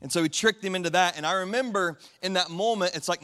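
High, bright-voiced young male preacher. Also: fast, smooth. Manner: builds from quiet earnest to loud impassioned preaching. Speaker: pastor. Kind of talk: sermon.

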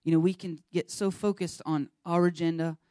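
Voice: medium pitch, little pitch movement, moderate pace, dark tone, no room sound, studio quality. A pastor preaching earnestly and urging the listeners directly, now and then acting out short bits of dialogue. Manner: acts out short dialogue scenes. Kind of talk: sermon.

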